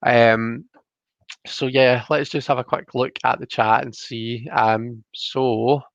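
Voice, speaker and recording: A man hosts a casual live stream at home, talking through tarot cards and greeting his chat. His voice is gravelly and level, and his words run together quickly. The sound is dry and dull, like a basic computer mic. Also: mid-range voice, fairly even intonation, dry recording. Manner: talks fast and mumbles when absorbed.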